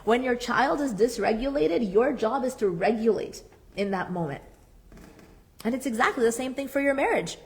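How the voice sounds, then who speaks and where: A woman's voice: fairly high pitch, expressive, moderate pace. A woman psychotherapist leading a marriage workshop. She talks earnestly and emphatically, repeats her key points and adds playful asides. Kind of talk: workshop talk.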